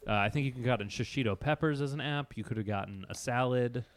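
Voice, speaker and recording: A man chatting casually on a podcast, rambling through stories with plenty of "uh" and "like". His voice sits at an ordinary middle pitch. The sound is close and dry, with no room around it. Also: quick pace, dry recording. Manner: rambling, enthusiastic storyteller with fillers. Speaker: podcast co-host. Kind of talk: casual chat.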